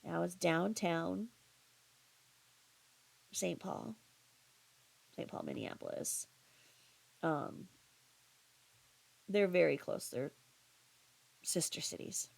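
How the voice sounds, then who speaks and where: A woman's voice: deep voice, vocal fry, a little mellow. A woman vlogger telling a story in a chatty, rambling way, full of asides and restarts. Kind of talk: casual storytelling monologue.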